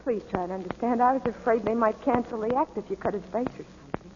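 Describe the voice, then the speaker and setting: A woman's voice: fairly high pitch, fast, background noise, close to an everyday voice. An actress playing a young woman dancer, torn and pleading, in 1940s radio acting style. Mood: wistful. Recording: muffled old radio recording.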